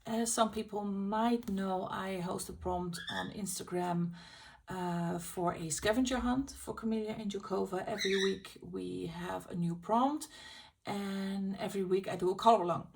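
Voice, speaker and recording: A woman's voice: medium pitch, gravelly, slight background noise. A woman hosting a casual video where she shows her finished colouring pages, chatting and thinking aloud as she checks which supplies she used. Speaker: colouring channel host.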